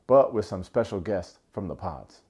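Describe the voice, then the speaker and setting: Young man, fairly low voice, casual joking show recap, animated delivery. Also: moderate pace, husky. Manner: joking, animated, acts out quotes in funny voices. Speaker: recap vlogger.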